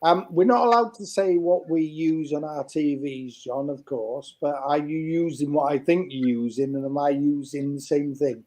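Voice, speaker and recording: A man with a Yorkshire accent banters over a video call, teasing and swearing freely. His voice sits a little high yet has a mellow, soft tone. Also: steady tone, normal speed, hardly any pauses, rough recording. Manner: teasing, sweary, keeps butting in. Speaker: guest on a live stream.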